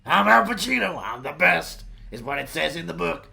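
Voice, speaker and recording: Man doing a boastful gravelly movie-star. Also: fairly high pitch, sing-song, moderate pace, heavily acted. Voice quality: gravelly, shouty bravado. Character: brash aging male movie star, boastful. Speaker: podcast co-host. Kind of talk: comedic improvised impression.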